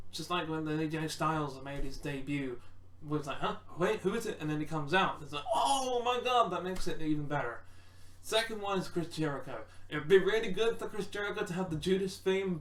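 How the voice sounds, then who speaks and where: In a loose, rambling way, a man predicts wrestling matches, frequently restarting and acting out quotes. His fairly high, slightly bright voice sounds distant from the mic, with roomy echo.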